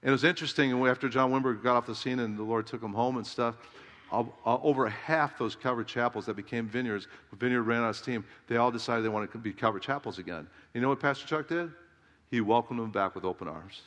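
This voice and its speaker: The long echo of a large hall carries a middle-aged pastor's emphatic sermon as he peppers his congregation with rhetorical questions. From Southern California, he has a mid-range, fairly bright voice and a quick pace.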